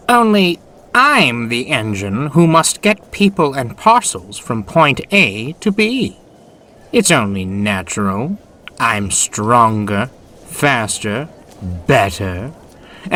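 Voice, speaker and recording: A man voicing a pompous, sneering male diesel engine who talks in a haughty, smug, flattering way. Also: mid-range voice, far from the mic, slight background noise, pitched above the performer's own voice.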